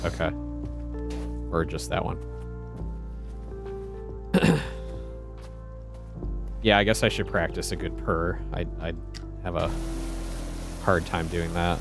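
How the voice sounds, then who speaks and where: A man's voice: sits low, fairly even intonation, takes it slowly, long pauses, over music. A man chatting casually on a game stream, playful and laughing often.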